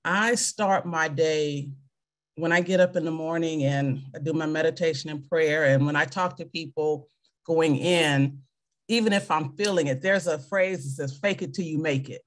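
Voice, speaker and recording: A woman's voice: low-pitched, normal speed. A woman in her fifties, a veteran and clinic worker, reading scripture and then talking earnestly about faith and service over a video call. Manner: earnest, faith-centered, speaks from personal experience.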